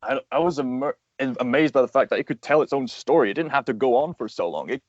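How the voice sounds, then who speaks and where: A man's voice: medium pitch, animated, fast talker, no echo, muffled recording. A man, a voice actor and animator, talking as a guest in a casual interview, explaining earnestly at length with plenty of fillers.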